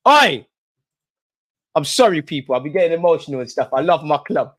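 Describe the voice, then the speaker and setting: A young man hosts a live football watch-along, commenting on the match as a partisan fan and speaking directly to his viewers in street slang. His voice is a little high with a darkish tone, and he talks fast.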